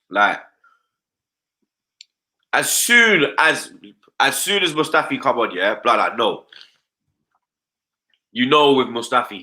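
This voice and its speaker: A man's voice: medium pitch, bright, forceful tone. A man ranting as a football fan pundit on a live stream, loaded with slang and repeated "you understand?".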